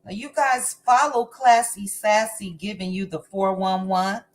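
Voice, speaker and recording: A woman hosts a casual live stream, calling out viewers' names one by one in a slow, easygoing rhythm. Her voice sits at a middle pitch, friendly and chatty. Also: fairly even intonation. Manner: unhurried, warm greetings to chat viewers by name. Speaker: livestream host.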